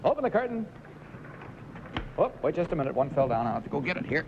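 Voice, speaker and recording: High-voiced, encouraging 1950s game show host. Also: male voice, sing-song. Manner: brisk, encouraging, chatty with contestants. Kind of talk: live TV game show patter. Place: TV studio stage. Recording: lo-fi hissy 1950s TV broadcast.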